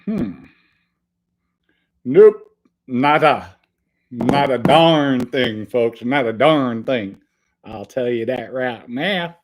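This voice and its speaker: A middle-aged man hosts a casual live stream in an even, mid-range voice, chatting loosely with his viewers. He jokes around and breaks out in sudden loud bursts now and then. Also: medium pitch, very slow, pauses often. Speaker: podcast host reading live chat.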